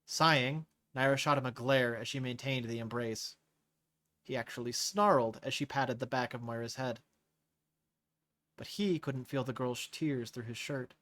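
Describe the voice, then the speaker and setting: A man hosting a live reading of a novel, narrating in a measured way and rereading lines he stumbles on. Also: medium pitch, steady tone, a bit bright, dry recording. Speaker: host reading a novel aloud. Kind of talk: scripted narration read aloud live.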